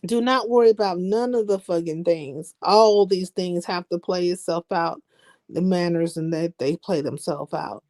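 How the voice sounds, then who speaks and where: A woman's voice: on the low side, normal speed, a little mellow. A woman chatting on a live stream in blunt, slangy, profane trash talk. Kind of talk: casual chat.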